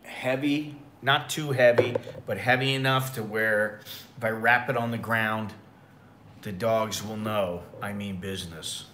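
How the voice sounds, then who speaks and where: A man's voice: fairly low pitch, steady tone, a little slow, sharp tone, a little hiss or hum. An American man telling rambling, profane stories in a casual livestream chat. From United States. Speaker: expat vlogger.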